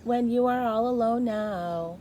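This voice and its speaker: A woman's voice: fairly high pitch, unhurried, mellow, a little hiss or hum, pitched above the performer's own voice, natural voice. Woman doing mocking, sing-song stars. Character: mocking chorus of night stars.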